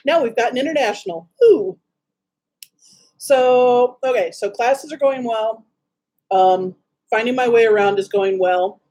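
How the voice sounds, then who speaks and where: A woman's voice: fairly high pitch, a little slow, pauses often, dark tone. A woman from Wisconsin chatting casually on a livestream, greeting viewers by name and making snarky asides.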